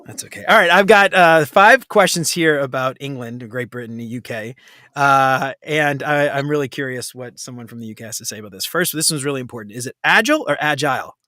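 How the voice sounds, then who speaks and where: A man hosting a casual live Q&A, joking and laughing often as he runs through quick questions. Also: medium pitch, sharp tone, no room sound, studio quality. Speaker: host.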